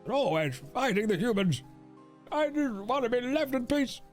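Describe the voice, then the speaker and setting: A man's voice: extremely high pitch, sing-song, normal speed, soft background music, pitched above the performer's own voice. A man voicing a grumpy, reclusive old hermit who complains in a whiny, peevish way. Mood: grumbling.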